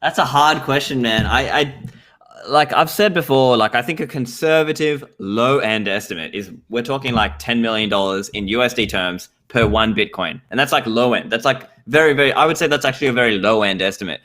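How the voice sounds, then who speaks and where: A man's voice: mid-range voice, a little fast, fairly bright tone. A young Australian man with an Australian accent, a guest in a casual podcast chat, rambling and saying "like" often. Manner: rambling, heavy use of "like".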